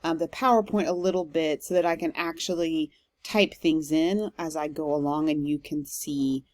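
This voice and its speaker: Speaking in a rather low register, this woman teaches literature in a recorded lesson, explaining each point at a measured pace with regular "um"s. It's a dry, close recording without any surrounding room.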